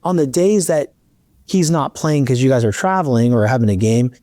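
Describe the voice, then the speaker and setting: A man's voice: medium pitch, moderate pace, dry recording. A middle-aged man hosting a podcast, telling a long story in a casual chat and acting out the dialogue. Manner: animated, acts out dialogue in his storytelling. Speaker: podcast host.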